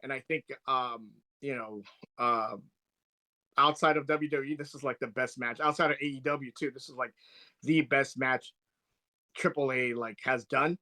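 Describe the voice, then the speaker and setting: A man co-hosting a casual wrestling podcast, talking in an excited, rambling way with many restarts. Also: medium pitch, normal speed. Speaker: podcast co-host.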